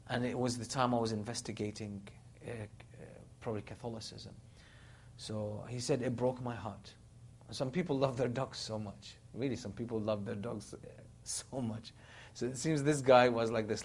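A man giving a sermon, retelling a story with animated, dramatic quotes of the people in it. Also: mid-range voice, breathy edge. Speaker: Islamic preacher.

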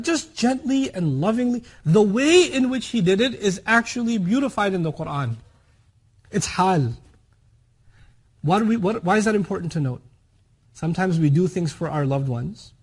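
A man's voice: sits high, animated, brisk, breathy edge. A man teaching a Quran lesson. He explains ideas by contrast and examples, adds humorous asides and keeps checking that listeners follow. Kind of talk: explanatory religious lecture.

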